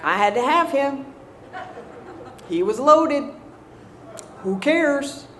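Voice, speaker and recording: A woman with a Southern American accent, speaking a little higher than most, tells her recovery story to a crowd in a loose, conversational way. She pokes fun at herself and keeps checking in with the room. Faint hum from the live venue sits behind her. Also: lively intonation, drawn-out words, a bit bright. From Southern United States. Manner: self-mocking humor. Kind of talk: personal story told to an audience.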